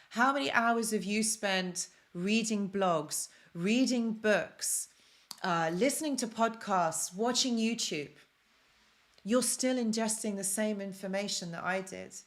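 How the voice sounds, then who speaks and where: This woman has a mid-range, fairly bright voice. She hosts a live-stream self-help talk, speaking earnestly and with emotion and repeating phrases to drive her points home.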